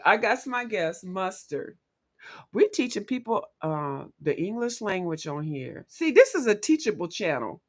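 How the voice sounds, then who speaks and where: Animated, playful woman streamer. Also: mid-range voice. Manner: animated, playful, quick to laugh. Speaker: livestream host. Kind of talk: casual livestream chat with viewers.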